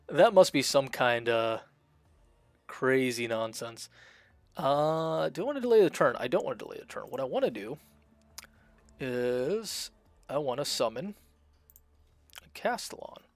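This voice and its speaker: A man streaming a strategy game, chatting casually and thinking out loud as he plays, with frequent fillers and restarts. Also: mid-range voice, very animated, measured pace, pauses often, no room sound. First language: Russian. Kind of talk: casual gameplay commentary.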